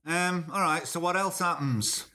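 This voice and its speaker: A man's voice: high voice, measured pace, pushed and bright. A man hosting a comic podcast, chatting in a dry, jokey way and interrupting himself as he reads out news. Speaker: podcast host. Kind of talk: comic monologue and phone bit.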